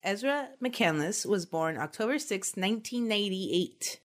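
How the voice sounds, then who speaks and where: A woman's voice: medium pitch, expressive, unhurried. A woman hosting a true crime podcast, chatting and laughing with her co-hosts before telling the case. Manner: giggly, chatty, recounts case details. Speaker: podcast host. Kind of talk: casual chat and true crime storytelling.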